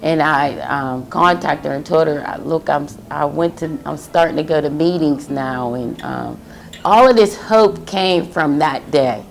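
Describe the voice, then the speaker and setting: Low-voiced woman giving a halting testimony. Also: vocal fry. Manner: emotional, halting, with many pauses. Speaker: testimony speaker. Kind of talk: personal testimony.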